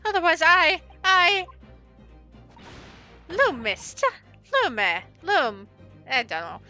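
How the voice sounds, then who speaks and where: A woman's voice: extremely high pitch, big pitch swings, slow pace, bright, forceful tone, lo-fi sound, faint music behind, voice pushed up, full character voice. A woman voicing a panicky, whimpering male crook with a put-on Italian accent. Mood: panicked. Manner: whimpering, stammering, pleading.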